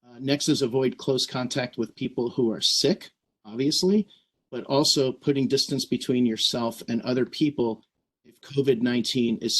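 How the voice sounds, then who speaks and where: Earnest man presenting on a video call. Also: medium pitch. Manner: earnest, explanatory, frequent "right?" asides. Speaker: scout troop leader. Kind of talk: virtual meeting presentation.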